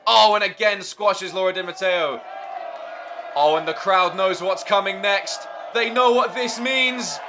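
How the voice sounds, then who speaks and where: Excitable high-voiced male wrestling commentator. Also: unhurried, crowd noise, noisy background. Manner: excitable, shouting at big moves. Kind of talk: play-by-play commentary.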